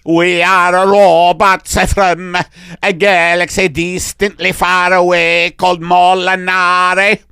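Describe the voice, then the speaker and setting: A man's voice: high-pitched, little pitch movement, takes it slowly, pushed and bright, clean tone, no echo, voice pushed up, heavily acted. A man voicing an Italian robot alien with a put-on Italian accent, theatrical and drawn out. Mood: indignant.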